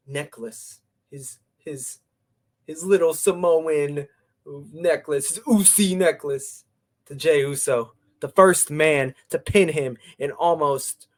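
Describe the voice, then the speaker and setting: Excitable young man, higher voice. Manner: excitable, jumps pitch to act out moments. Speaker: co-host. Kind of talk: casual podcast chat.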